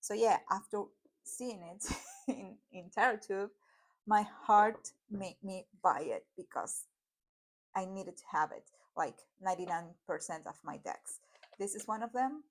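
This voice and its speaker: A woman's voice: mid-range voice, unhurried. A woman from Argentina with an Argentine Spanish accent, Spanish as her first language, chatting casually through a tarot deck vlog, full of fillers and little apologies. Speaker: tarot YouTuber.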